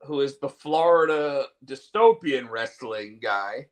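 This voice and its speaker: A man's voice: mid-range voice, expressive, takes it slowly. A man hosting a casual chat show, chatty and jokey, often mimicking actors' lines. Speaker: host.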